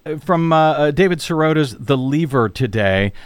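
A man's voice: fairly high pitch, animated, normal speed, clean tone, dry recording. A man hosting a radio talk show, asking questions in an easygoing way and hesitating often with "uh". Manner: easygoing, hesitant with frequent uh's. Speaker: radio host. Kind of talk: conversational interview.

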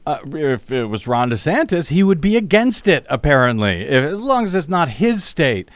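A man's voice: fairly high pitch, sing-song, moderate pace. A man hosting a radio talk show, asking questions in an easygoing way and hesitating often with "uh". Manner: easygoing, hesitant with frequent uh's. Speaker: radio host. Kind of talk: conversational interview.

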